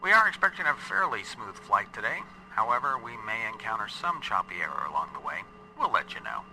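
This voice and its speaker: Folksy airline captain on the PA. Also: male voice, on the low side, sing-song, brisk, bright, forceful tone, a little hiss or hum, exaggerated voice, poor audio. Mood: cheerful. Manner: folksy, upbeat cabin announcement. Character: cheerful male airline captain on the PA. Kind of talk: recorded in-game announcement.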